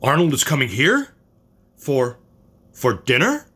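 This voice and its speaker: A fussy, cold middle-aged wife, read by a man in a curt, disapproving manner. The pitch moves around a lot from line to line. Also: wildly swooping pitch, takes it slowly, pushed and bright, husky, exaggerated voice. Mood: startled.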